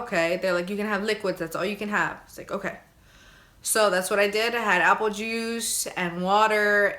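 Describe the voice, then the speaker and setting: A young woman casually telling her birth story to her viewers, chatty and animated, acting out her own crying and pleading. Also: mid-range voice. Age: young adult.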